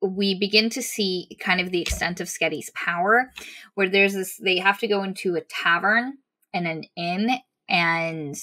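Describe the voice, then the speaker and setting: A woman's voice: on the low side, a little slow, pushed and bright, low-quality recording. A woman casually recapping a fantasy novel, animatedly acting out the characters' lines as she goes. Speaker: book reviewer.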